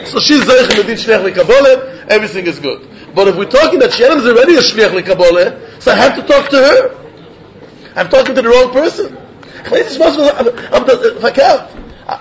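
A man teaching a Talmud lesson, reasoning aloud in an animated way, often chuckling and repeating words. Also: high-pitched. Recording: dull lo-fi recording.

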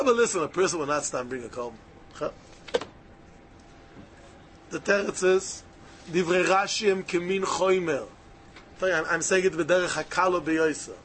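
A man's voice: sits high, bright, forceful tone, slight background noise. A man teaching a Talmud lesson, arguing both sides of the question aloud and hammering points home through repetition.

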